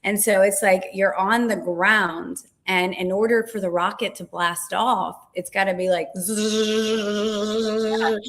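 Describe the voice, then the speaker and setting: A woman coach, a guest on an interview, explaining ideas in a lively, animated way and acting out little voices. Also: medium pitch, normal speed, hardly any pauses. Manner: animated, dramatizes with acted-out voices. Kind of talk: casual interview chat.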